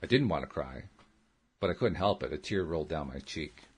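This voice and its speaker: A man hosting a radio show, reading a memoir aloud in the first person with steady, earnest delivery. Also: extremely low pitch, fairly quick, husky.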